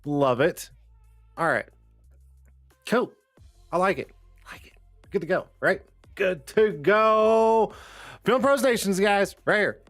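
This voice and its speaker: A man's voice: high voice, big pitch swings, measured pace, pauses often, a bit bright, no echo, faint music behind. A man hosting a casual livestream chat, joking and swearing as he goes, his voice a bit strained. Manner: loose, joking, swears and laughs often. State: slightly strained voice. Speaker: livestream host.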